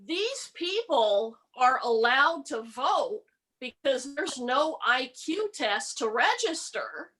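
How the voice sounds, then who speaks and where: A middle-aged woman doing a stand-up comedy set with a deadpan delivery. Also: high voice, low-quality recording. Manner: slow deadpan delivery with mocking put-on voices. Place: home, virtual comedy show.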